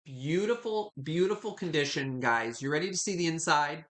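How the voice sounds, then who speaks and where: In a reverberant room at home, a man in his fifties hosts a live online sale, casually calling viewers honey and sweetie. He speaks at normal speed in a fairly high, fairly bright voice with lively intonation.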